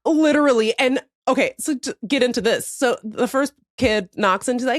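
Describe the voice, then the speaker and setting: A woman's voice: a little high, moderate pace, few pauses, no echo, studio quality. A woman co-hosting a casual podcast chat, telling stories with lots of feeling and acting out what people said. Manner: animated storytelling, acts out quotes; laughs while talking about crying. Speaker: podcast co-host.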